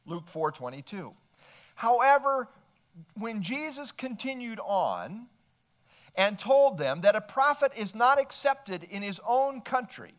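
High-voiced man preaching an expository sermon. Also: fairly bright tone. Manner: measured, expository preaching with verse citations. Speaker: pastor.

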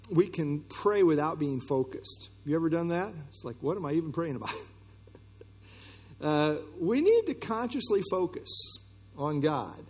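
Husky preacher in a reverberant hall. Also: male voice, a little high. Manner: earnest, conversational teaching with frequent fillers and restarts. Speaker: pastor. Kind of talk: sermon.

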